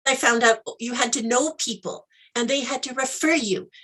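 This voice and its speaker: A woman, a guest in an interview, tells a personal story with animated acted-out dialogue. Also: a little high, normal speed. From Canada. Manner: animated storyteller, acts out dialogue, laughs often.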